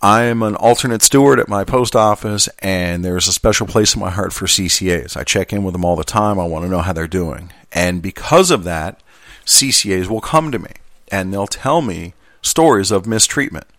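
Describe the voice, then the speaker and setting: A man's voice: low voice, normal speed, fairly bright tone, no echo, studio quality. A man who is a union steward, reading out a workplace statement and then talking it over in an earnest, conversational way. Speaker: union steward and mail carrier. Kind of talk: reading a statement aloud, then casual commentary.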